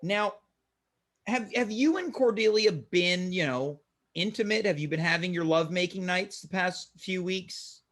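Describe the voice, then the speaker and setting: High-voiced deadpan male host. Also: measured pace. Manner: dry, mock-serious questioning. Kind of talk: deadpan comedic interview.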